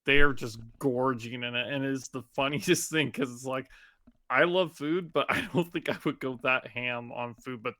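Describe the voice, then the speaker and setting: A man's voice: mid-range voice, steady tone, normal speed, few pauses, bright, forceful tone, dry recording, clean studio sound. A young man co-hosting a casual film discussion, easygoing and laughing along as he recalls scenes. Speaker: podcast co-host.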